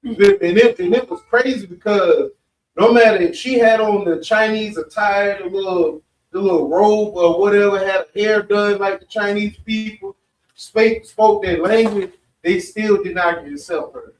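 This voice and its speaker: High-voiced man preaching in an echoey room. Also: unhurried. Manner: blunt, profane, conversational with frequent asides. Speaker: speaker at a religious study meeting. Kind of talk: informal preaching and storytelling. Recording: echoey room, mic far off.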